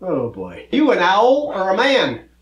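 A folksy cowboy telling corny jokes. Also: male voice, sits high, huge pitch swings, unhurried, echoey room, crowd noise, exaggerated voice. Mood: friendly. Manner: folksy drawl, corny jokes, patient explaining. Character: folksy, good-natured cowboy teacher man. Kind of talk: children's comedy skit.

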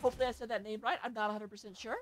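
A woman calls an amateur esports match at a rapid clip, her voice sitting a little high. She talks in a chatty, excitable way and drops joking asides between the plays. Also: a little hiss or hum. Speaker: esports caster. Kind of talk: play-by-play game commentary.

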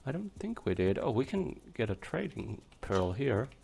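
A young man casually commenting on his gameplay, chatty and swearing, his voice hoarse from coughing. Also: mid-range voice, very animated, moderate pace, warm tone. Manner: chatty, swears, talks to creatures on screen. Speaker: let's play gamer. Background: game music.

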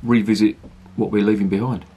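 A man's voice: on the low side, flat delivery, a little fast, mellow, a little hiss or hum. A middle-aged man, reviewing beer in a chatty, ranting monologue and swearing casually. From Britain.

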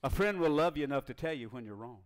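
A man preaching a sermon as pastor, drawing out scripture verses slowly for emphasis. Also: mid-range voice, animated.

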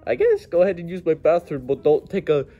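A man voicing an excitable plush plumber toy in a homemade plush skit, breaking into sudden high yelps. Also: brisk, highs cut off, faint music behind. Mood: bored.

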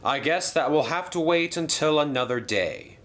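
A man's voice: fairly high pitch, expressive, moderate pace, a bit bright, pitched above the performer's own voice. A man voicing a formal, authoritative older male railway boss in a toy train story.

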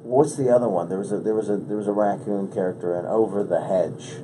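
A man hosting a podcast, chatting casually in a rambling, halting, joking way. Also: lowish voice, mellow, slight background noise. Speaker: podcast host. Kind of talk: casual chat.

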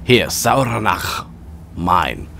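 A man's voice: fairly low pitch, lively intonation, extremely slow, vocal fry, sharp tone, a little hiss or hum. A man giving casual, wry, sarcastic commentary while playing a video game. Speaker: gaming commentator.

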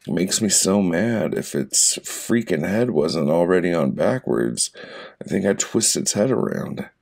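Man, poetry audiobook reading, gravelly fry in the voice, dry deadpan delivery. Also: low-pitched, unhurried. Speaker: poet reading his own work.

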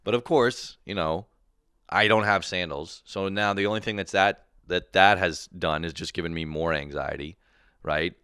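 A man hosting a comedy podcast, telling a profane, animated solo rant with quick voiced impressions. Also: low voice, clear, resonant tone, dry recording, studio quality.

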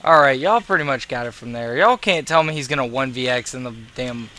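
At medium pitch and a fairly quick pace, a man's bright, forceful voice comes through with slight background noise. He's a gaming video creator, tired and yawning, swearing and sarcastically grumbling through casual gameplay commentary.

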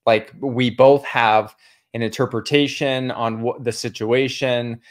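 Relaxed man co-hosting a podcast. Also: mid-range voice, unhurried. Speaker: podcast co-host. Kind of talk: casual conversation with spouse.

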